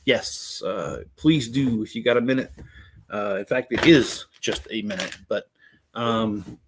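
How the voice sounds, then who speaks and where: A man's voice: fairly low pitch, slight background noise. A middle-aged man hosting a casual building stream, rambling as he talks to viewers in the chat. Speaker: Lego building channel host.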